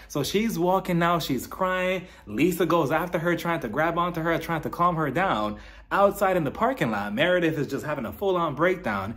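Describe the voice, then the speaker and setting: A man's voice: on the high side, very animated, normal speed, a bit bright. A man recapping a reality show in a casual, gossipy way, laughing often and acting out quotes.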